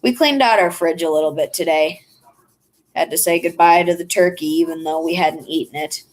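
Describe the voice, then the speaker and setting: A woman's voice: low voice, normal speed, rough recording. A young woman vlogger chatting casually and rambling while she draws. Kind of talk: casual chat while drawing.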